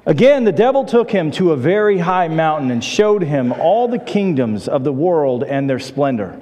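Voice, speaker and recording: A man preaching a sermon in a relaxed, conversational way, with a voice pitched a little high for a man. He tells stories with frequent restarts, and his voice rings with a long reverb as if in a large church hall. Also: moderate pace. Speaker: pastor.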